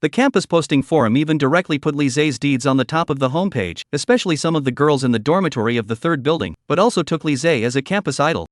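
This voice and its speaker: A man narrating a story recap in a steady, even, scripted reading. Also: on the high side, fast, few pauses, no room sound, clean studio sound.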